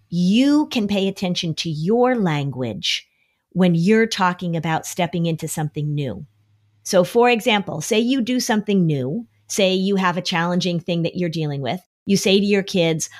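A middle-aged woman talks through parenting advice on anxiety in a podcast. Her voice sits fairly low. She keeps slipping into little acted-out quotes, jumping higher and brighter as she plays the worried parent. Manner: acts out quoted speech with lively shifts. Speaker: anxiety expert.

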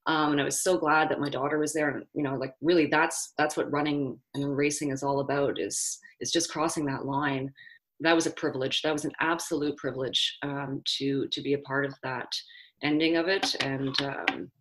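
A middle-aged woman telling a story in an interview, halting and restarting often. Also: deep voice, steady tone, low-quality recording. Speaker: interview guest, marathon runner.

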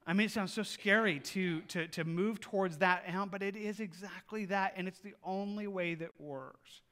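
A male pastor preaching a sermon with lively delivery, acting out little scenes of people praying and God answering. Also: sits high, moderate pace. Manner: animated preaching, acts out voices of people praying.

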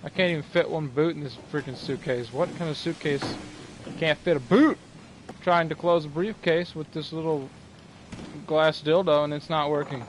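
A man's voice: on the high side, fairly even intonation, moderate pace, slight background noise. A young man streaming a video game, joking and talking back to the characters on screen. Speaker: gaming streamer. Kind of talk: let's play commentary.

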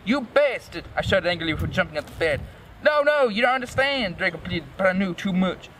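A man voicing a melodramatic teenage goth girl who yells in shrill, over-the-top outbursts. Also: steady tone, quick pace, slight background noise, lightly acted. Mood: furious.

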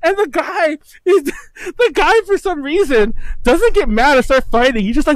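A man's voice: very high voice, lively intonation, normal speed, no room sound, low-quality recording. A young man co-hosting a podcast, telling a long, rambling story in casual chat, swearing freely and laughing as he goes. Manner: rambling, profane, laughs through stories. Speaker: podcast co-host.

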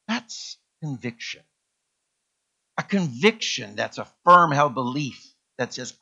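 A male pastor preaching a sermon in a church, emphatic and repeating key words with sweeping rises in pitch. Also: sing-song, takes it slowly, creaky, sharp tone, husky, muffled recording. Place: church sanctuary.

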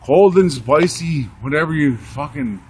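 A man putting on a slow, drunk, rambling guy. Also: a little high, animated, background noise. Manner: slow, rambling, halting with many fillers. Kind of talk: amateur comic impression among friends.

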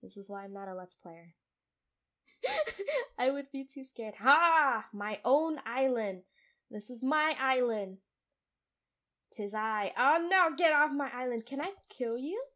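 A young woman narrates her own survival game from a home desk microphone, her voice sitting high and bright. She is jittery and easily startled, giggling and making fun of herself between frights. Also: sing-song, slow pace. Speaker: gamer playing a survival game. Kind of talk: casual let's play commentary. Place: room at home.

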